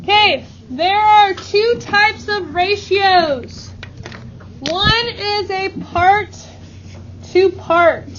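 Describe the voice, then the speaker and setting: A woman teaches a math lesson in a classroom, upbeat and leading her students through chants. Her voice sits very high. The recording is muffled, with a steady background noise. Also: drawn-out words. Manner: upbeat, leads call-and-response chants. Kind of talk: classroom instruction.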